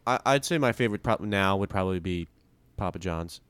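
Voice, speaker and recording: A man's voice: low voice, lively intonation, a little fast, a bit bright, smooth, no room sound. A young man co-hosting a casual podcast, rambling and cutting himself off as he tells a story with a joking edge. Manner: rambling, self-interrupting, jokey. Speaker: podcast co-host. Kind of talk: casual chat.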